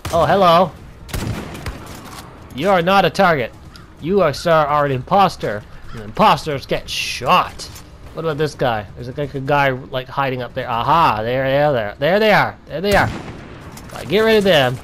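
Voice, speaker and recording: A young man giving playful gameplay commentary, taunting enemies and breaking into drawn-out mock-dramatic shouts. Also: fairly high pitch, a little hiss or hum.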